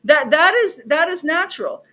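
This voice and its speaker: A middle-aged woman, a professor guesting on a podcast, telling stories about her classes in an expressive way, acting out her students and repeating herself for emphasis. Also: high-pitched, normal speed. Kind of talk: animated conversational storytelling.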